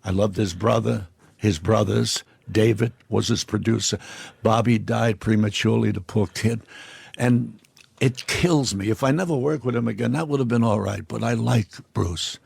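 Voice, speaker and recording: A man, a guest in an interview, telling profane anecdotes in a blunt, animated way and acting out the dialogue. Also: lowish voice, moderate pace, vocal fry, breathy edge, no room sound.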